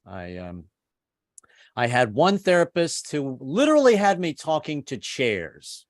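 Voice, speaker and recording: A man of seventy performing a stand-up comedy set over a video call, self-deprecating and halting, with many restarts. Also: a little high, very animated, dry recording, studio quality. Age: 70s. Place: home setup on a video call. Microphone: computer mic on a video call.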